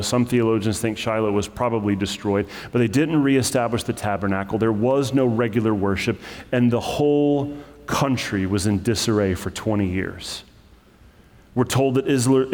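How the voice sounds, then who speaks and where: A male pastor delivers a sermon in a slightly low voice, talking to the congregation in a relaxed, conversational way with asides and quick self-corrections. The sound carries a long hall reverb, as in a church sanctuary. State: choked up with emotion.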